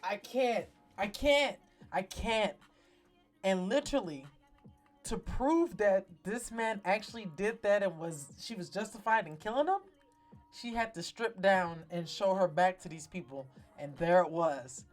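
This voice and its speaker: Woman, talk show host, swearing, slangy, dramatic recap, mid pitch, soft music behind. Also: normal speed. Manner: profane, slangy, dramatic storytelling. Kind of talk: casual animated TV recap.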